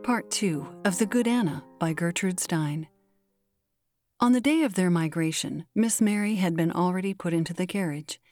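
A woman host reading a classic short story aloud in measured, deliberate scripted narration. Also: fairly low pitch, a little mellow, dry recording, soft background music. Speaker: host and reader.

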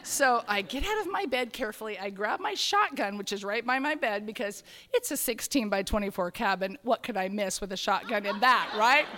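Animated woman telling a story. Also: medium pitch, fairly quick, hardly any pauses, big-room sound. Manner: animated, acts out her own inner voice. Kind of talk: live personal storytelling.

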